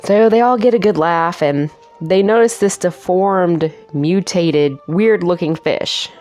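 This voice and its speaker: A woman's voice: lowish voice, takes it slowly, a little mellow, soft background music. A woman giving a casual, chatty movie review, self-mocking and laughing at her own jokes.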